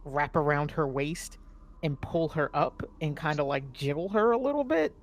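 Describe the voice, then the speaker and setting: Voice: mid-range voice, lively intonation, moderate pace. A player in a tabletop role-playing game, playfully describing actions. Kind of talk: casual tabletop play.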